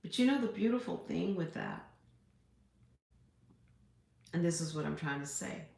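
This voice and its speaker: A middle-aged woman talks through a spiritual reflection in a slow, drawn-out way, leaving long pauses between her thoughts. Her voice sits low and has a gravelly edge. The room around her rings with echo. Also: expressive, a little mellow. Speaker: spiritual channel host.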